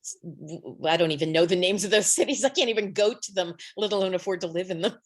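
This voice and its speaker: A woman's voice: lowish voice, fast. A woman co-hosting a podcast, chatting playfully and laughing easily. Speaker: podcast co-host. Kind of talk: casual chat.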